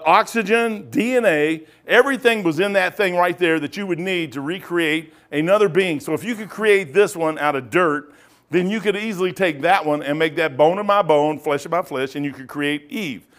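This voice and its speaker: A man's voice: high voice, moderate pace. A man, a pastor teaching a casual Bible study in a folksy storytelling way. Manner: folksy storytelling, acts out quoted dialogue.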